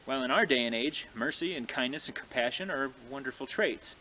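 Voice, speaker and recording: A man telling a frontier tale in a folksy, animated way, speaking to his audience outdoors in snowy woods. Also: mid-range voice, brisk, a little hiss or hum. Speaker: living history storyteller. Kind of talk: folksy oral storytelling.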